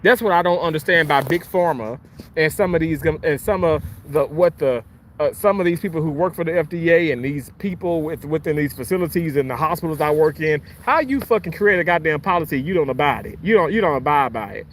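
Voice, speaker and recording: Brief: high-pitched male streamer, heated and profane, outdoors with faint traffic noise behind him. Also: lively intonation, brisk. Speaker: livestream host. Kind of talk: angry livestream rant.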